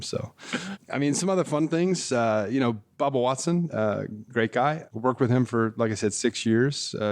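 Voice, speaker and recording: Gravelly-voiced man telling golf-tour anecdotes. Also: fairly low pitch, darkish tone. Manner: rambling anecdotes, frequent laughs, many fillers. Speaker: golf equipment tour rep, guest. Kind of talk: casual podcast interview.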